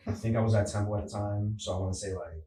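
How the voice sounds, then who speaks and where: A man hosting a podcast, talking in an animated, emphatic casual way and often saying bro. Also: lowish voice. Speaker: podcast host. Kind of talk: casual conversation. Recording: roomy sound from a distance.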